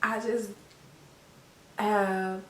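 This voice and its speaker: Young woman vlogger, teary, heartfelt, slow, echoey room, a little off-mic. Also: medium pitch, flat delivery, fairly bright tone, recorded from a distance, a little hiss or hum. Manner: heartfelt, tearful, repeats herself with many fillers. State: teary, crying. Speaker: vlogger, new mother. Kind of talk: emotional personal story to camera.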